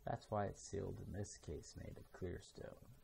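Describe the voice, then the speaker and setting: A man's voice: deep voice, steady tone, a little slow, vocal fry, background noise, exaggerated voice. A man reading aloud, voicing a formal, showy museum director in a storybook. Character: fussy male museum head.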